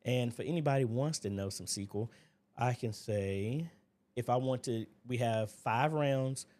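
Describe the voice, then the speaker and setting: A man's voice: mid-range voice, normal speed, darkish tone. A man hosting a casual livestream, greeting viewers by name one after another and then talking through a tech demo on his computer. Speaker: livestream host.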